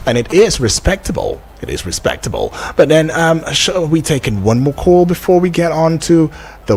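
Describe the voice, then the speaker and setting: Male radio host, husky voice, lively pitch, unhurried with fillers, studio. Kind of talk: casual radio talk, reading listener messages.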